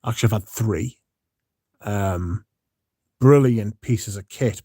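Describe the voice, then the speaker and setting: A man's voice: fairly low pitch, slow, pauses often, mellow, no echo, clean studio sound. A man hosting a casual livestream, sleepy and yawning, rambling and swearing as he chats to his viewers. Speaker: livestream host.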